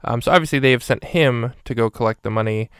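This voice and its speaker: A man's voice: mid-range voice, fast talker, a bit bright, clear, resonant tone, no room sound, clean studio sound. A man casually recapping a movie minute by minute and rating each one, in a rambling way with many fillers. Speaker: movie reviewer.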